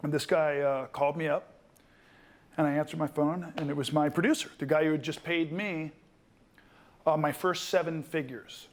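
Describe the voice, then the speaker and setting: An animated man in his fifties tells a story with a fairly high voice. He jumps in and out of quoted voices as he talks to a room of students. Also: normal speed. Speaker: guest actor.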